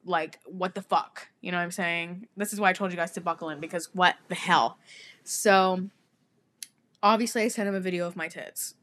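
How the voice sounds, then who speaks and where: A young woman co-hosting a podcast, telling a story in casual chat, animated, swearing freely and laughing often. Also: on the low side, moderate pace, a little hiss or hum. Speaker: podcast co-host.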